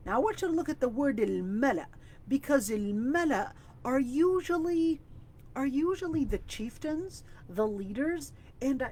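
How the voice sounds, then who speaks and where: A woman's voice: on the high side, mellow, a little hiss or hum. Woman teaching Quran exegesis online. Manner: explains word by word, rising to emphasize Arabic recitations. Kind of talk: online tafseer class. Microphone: video call.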